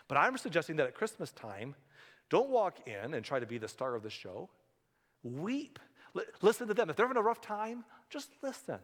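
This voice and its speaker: Conversational male pastor in a reverberant hall. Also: on the high side. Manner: conversational, acts out voices of grumpy people. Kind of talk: sermon. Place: church sanctuary.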